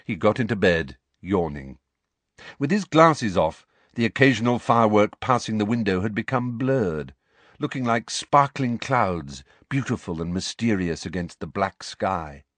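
Expressive male audiobook narrator. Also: fairly low pitch, a little slow, dry recording. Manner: expressive, plays all characters. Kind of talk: scripted storybook narration.

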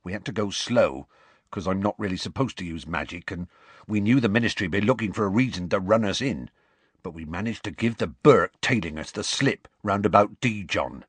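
A man voices a huge, rough-spoken half-giant gamekeeper, telling a story unhurriedly in a folksy country dialect with dropped letters. His voice is on the low side, and the recording is dry.

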